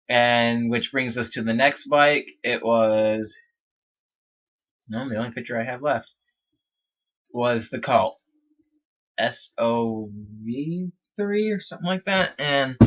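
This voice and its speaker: A man's voice: mid-range voice, pushed and bright. Young man rambling about his bikes, lo-fi. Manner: rambling, restarts sentences, quotes friends. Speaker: BMX rider vlogger. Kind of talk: casual storytelling. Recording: dull lo-fi sound.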